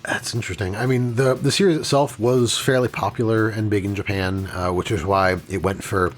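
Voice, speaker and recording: A man's voice: on the low side, steady tone, fairly quick. A man co-hosting a casual podcast about game music, chatty and a bit hesitant. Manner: chatty, hesitant, with many fillers. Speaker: podcast co-host.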